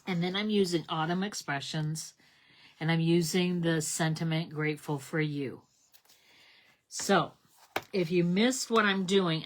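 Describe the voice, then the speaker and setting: A middle-aged woman hosts a live craft stream in a fairly low voice. She talks in a loose, rambling way and stops to greet viewers by name. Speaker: card-making live stream host. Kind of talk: casual live craft demonstration.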